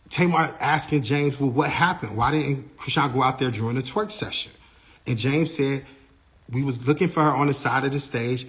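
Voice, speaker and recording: A man casually recounting a backstage incident, animated and full of fillers, acting out what others said. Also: mid-range voice. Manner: animated, acts out quotes of others; repeats himself, many "like" and "you know" fillers. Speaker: eyewitness telling a backstage story. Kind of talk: casual storytelling.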